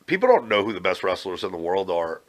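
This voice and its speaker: Speaking quickly in a low voice, this ex-pro wrestler is a podcast guest in a casual interview, spinning animated stories that are brash and full of profanity.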